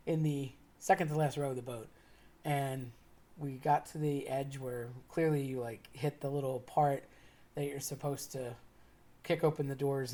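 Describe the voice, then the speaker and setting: A woman with a low voice for her sex tells a casual personal story. She speaks in a chatty, easygoing way and laughs as she goes. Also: a little mellow. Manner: chatty, laughs while telling.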